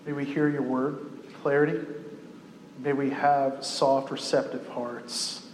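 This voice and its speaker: A man's voice: medium pitch, little pitch movement, takes it slowly, a little mellow. A man leading an earnest spoken prayer in a church before the sermon. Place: church sanctuary. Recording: echoey hall with faint room noise.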